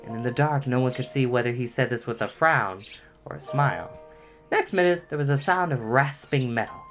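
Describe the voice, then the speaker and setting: A man reading a children's novel aloud as storyteller, with lively expression. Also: mid-range voice, a little fast, soft background music. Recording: slightly muffled lo-fi recording.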